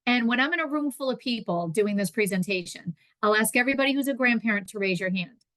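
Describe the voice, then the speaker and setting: A woman's voice: fairly high pitch, animated, fast, fairly bright tone, dry recording. A woman giving a conversational public presentation on consumer protection, acting out callers and victims in quoted voices.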